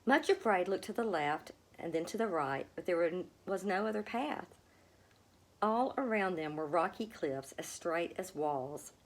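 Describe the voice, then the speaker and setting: A woman reads a children's story aloud in a gentle, expressive way. Her voice sits a little low, yet it swings widely up and down as she tells the tale. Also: measured pace. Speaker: storybook reader. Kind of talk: storybook read-aloud narration.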